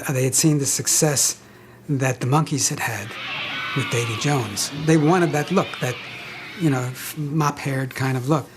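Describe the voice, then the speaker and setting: Older man telling anecdotes haltingly. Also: fairly high pitch, a little hiss or hum. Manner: chatty, halting with fillers, chuckling. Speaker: interviewee, actor. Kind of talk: anecdotal interview.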